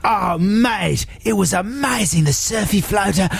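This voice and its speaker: A laddish mock-Australian beach bloke, put on by a man for a radio comedy sketch. He talks loud and jokey, with a lively, bouncing pitch. The accent is broad and deliberately poor. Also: creaky, husky, heavily acted. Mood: boisterous. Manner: loud, jokey, says "mate" often.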